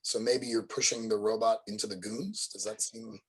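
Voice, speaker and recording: A man's voice: on the low side, fairly even intonation, normal speed, breathy edge, poor audio. A man running a tabletop game as game master, narrating with a hesitant delivery full of ums and uhs.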